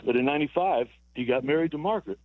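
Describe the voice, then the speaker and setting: A man's voice: on the high side, rapid-fire, no echo. A man in his sixties, a former ballplayer calling in to a sports radio show, telling rambling stories with repeated words and chuckles. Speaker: former baseball player guest. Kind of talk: phone-in storytelling on sports radio. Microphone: telephone. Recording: tinny dry phone line.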